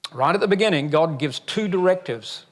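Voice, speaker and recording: An older pastor from Alabama, USA, preaches a sermon emphatically, his voice a little high for a man. He's animated and brisk, dropping folksy, joking asides between points.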